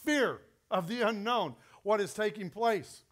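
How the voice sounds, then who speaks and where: Man, West Texas accent, pastor, storytelling sermon, animated and emphatic, strikingly high-pitched. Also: measured pace.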